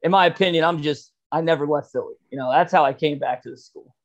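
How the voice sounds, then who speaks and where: A man tells a rambling story on a podcast, swearing freely and breaking into laughs. His voice sits a little high for a man. The audio is dull and lo-fi. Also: fast talker. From Philadelphia area. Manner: rambling, profane, laughs often. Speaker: podcast co-host. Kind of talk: casual storytelling chat.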